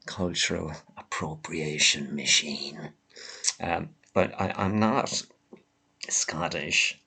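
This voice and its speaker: Gravelly, congested Irish man, slow and low. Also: pushed and bright. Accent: Irish, mildly Limerick. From Ireland. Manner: sardonic, rambling, self-deprecating. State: congested with a head cold, coughing. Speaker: vlogger. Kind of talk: rambling solo monologue.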